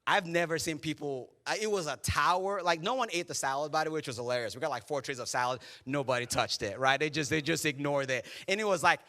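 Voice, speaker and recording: A male pastor delivering a sermon with a high voice. His tone is bright and forceful, and he tells his stories with lively humor, slipping into the voices of the people in them. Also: quick pace, hardly any pauses. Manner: animated, joking storyteller who acts out quotes. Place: church service.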